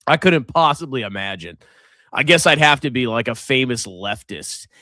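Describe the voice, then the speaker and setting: A man's voice: mid-range voice, animated, moderate pace, sharp tone, no room sound, studio quality. A middle-aged man hosting a finance livestream, chatting casually and sarcastically, mocking viewers and putting on silly voices. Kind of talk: casual livestream chat reading superchats.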